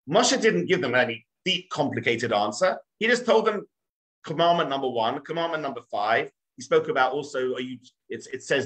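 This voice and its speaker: Animated rabbi telling a story. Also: male voice, a little high, normal speed, poor audio. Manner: acts out the characters' voices, with frequent restarts.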